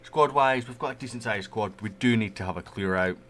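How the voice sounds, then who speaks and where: A man with a deep voice talks loosely through a football management game, chatty and unhurried, with plenty of asides. A faint hum sits under his desk-mic recording. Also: fairly bright tone. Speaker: gaming YouTuber. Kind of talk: casual game commentary.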